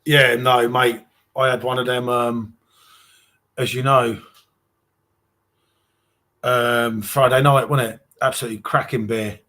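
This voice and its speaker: A man's voice: medium pitch, flat delivery, takes it slowly, pauses often, bright, forceful tone. A man with an English accent hosting a live stream, chatting casually and reading out viewer comments, calling everyone mate. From England. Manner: chatty, reads viewer comments aloud, calls people mate.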